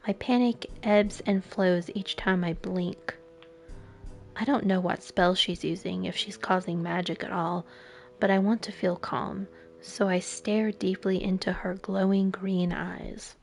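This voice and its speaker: A woman reads a visual novel aloud at an unhurried pace, her voice carrying a gravelly fry. She lingers emotively over each line, often dropping into soft, breathy asides. Faint music plays behind her. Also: medium pitch, fairly even intonation. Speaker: streamer.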